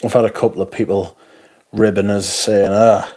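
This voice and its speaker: A man's voice: lowish voice, little pitch movement, moderate pace, dark tone. A man hosting a casual livestream, tired, rambling and self-deprecating as he reads out viewer comments. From North East England. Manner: rambling, self-deprecating, frequent yawns and interjections. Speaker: livestream host.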